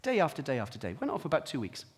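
A man giving a sermon, telling his own story in a personal way, dropping quiet and then rising to emphatic peaks. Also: a little high, huge pitch swings, racing, breathy edge. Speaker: preacher.

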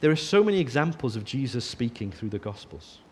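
A man preaching a sermon, earnest, often dropping to a soft hush on key phrases. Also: medium pitch, big pitch swings, fairly quick, slightly rough.

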